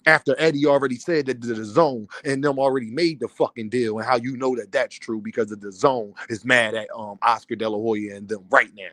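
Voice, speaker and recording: A man's voice: mid-range voice, fairly even intonation, a little fast, few pauses, a bit bright, no echo. A man, a boxing content creator, ranting on a livestream, angry, profane and heated. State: worked up and fuming. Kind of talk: livestream rant.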